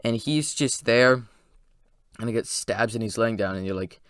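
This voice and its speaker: A man recaps a film in a rambling, excited spoiler review, piling on asides as he goes. His voice is bright, smooth and crisp. It sounds close and dry, with no room around it. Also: on the low side, normal speed, dry recording. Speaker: movie reviewer.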